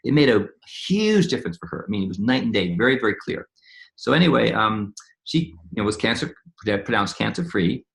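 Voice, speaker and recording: Male interview guest, scientist type: rapid, gravelly, rambling, with lots of restarts. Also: lowish voice, very animated. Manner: rambling storytelling with frequent restarts and repeated words. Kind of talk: casual conversational interview.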